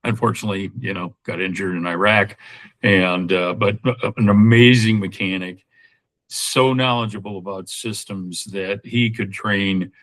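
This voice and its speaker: A man's voice: lowish voice, fairly even intonation, normal speed, fairly bright tone, poor audio. A man in his sixties, a podcast guest talking in a casual, rambling way with lots of fillers and restarts. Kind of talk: casual interview talk.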